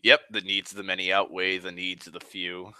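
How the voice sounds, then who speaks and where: A man rambling casually on a live stream, excitable and sweary, sighing often. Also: low-pitched, a little fast, clear, resonant tone, dry recording. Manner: excitable, profane, sighs often.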